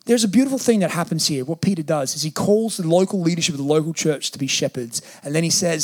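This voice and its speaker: A man's voice: on the high side, quick pace, few pauses, a little mellow. A man preaching a sermon as a pastor, conversational and joking now and then.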